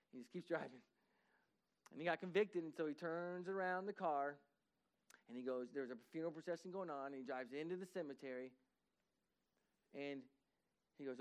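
A man with a notably high voice delivers a sermon in a church sanctuary. He talks earnestly and conversationally, his intensity climbing as he urges the congregation on. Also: brisk, clear, resonant tone. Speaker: pastor.

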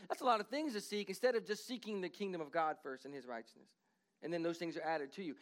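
A pastor with a high-set voice delivers a church sermon. He slows right down to read scripture in a raised, emphatic voice, then shifts into quick, low-key asides to the congregation. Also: lively intonation.

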